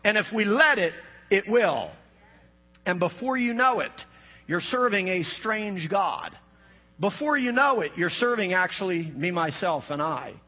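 High-voiced preaching man, husky, lo-fi. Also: big pitch swings, a little slow. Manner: preaching with rising shouts and dropping to low emphatic asides. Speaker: pastor. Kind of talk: sermon.

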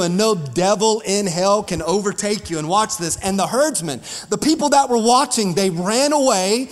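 A man pastor preaching a fiery sermon to his congregation, building up to shouts. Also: sits high, normal speed, hardly any pauses, big-room sound, soft background music. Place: church sanctuary.

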